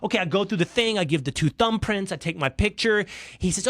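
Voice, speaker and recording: Middle-aged Texan podcast host, lively swooping delivery, dry close sound; exasperated comic storyteller. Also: male voice, high-pitched, a little fast, no room sound. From Texas. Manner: exasperated, comic, swings from hushed to loud. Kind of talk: animated storytelling monologue.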